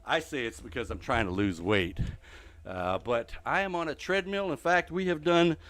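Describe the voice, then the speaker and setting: A middle-aged man streaming a building game live while walking on a treadmill, out of breath, muttering counts to himself between loud chatty asides to his viewers. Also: mid-range voice, moderate pace. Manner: mutters block counts under his breath, then chats loudly to viewers. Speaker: gaming streamer.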